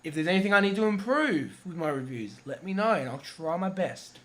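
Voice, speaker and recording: A man's voice: sits high, brisk. Rambling young man reviewing a movie. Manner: rambling, excitable, swears freely. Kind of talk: casual movie review vlog.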